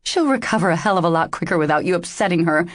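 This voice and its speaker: A woman's voice: on the low side, expressive, lightly acted. A woman voicing a furious, protective female friend in an audiobook. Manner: furious and fast. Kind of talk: audiobook character voice.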